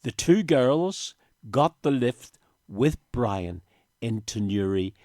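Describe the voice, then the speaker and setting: A man's voice: mid-range voice, lively intonation, slow, mellow, no echo, studio quality. Older man, emotional storyteller. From Northern Ireland. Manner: emotional storytelling, tearful at times. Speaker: interview guest. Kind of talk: radio interview. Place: radio studio. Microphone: studio microphone.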